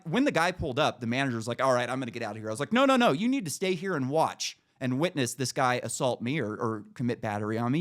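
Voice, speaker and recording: A man co-hosting a podcast tells a story in a loose, swearing way. His pitch jumps widely as he acts out each voice in the tale. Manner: animated, profane, acts out dialogue. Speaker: podcast co-host. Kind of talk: casual storytelling.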